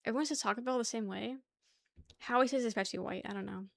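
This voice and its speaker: A young woman chats casually on her livestream, sliding from one topic to the next, laughing and cursing freely. Her voice sits a little high. The sound is dry and close, with no room around it. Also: fast, vocal fry, no room sound. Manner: chatty, swears casually, laughs often. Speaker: livestream host. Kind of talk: casual chat with chat.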